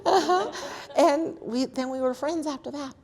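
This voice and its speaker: A woman's voice: high-pitched, moderate pace, a crowd in the background. A woman in her sixties telling family stories in an oral history interview, acting out what people said. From Colorado, USA. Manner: animated storyteller, acts out quotes.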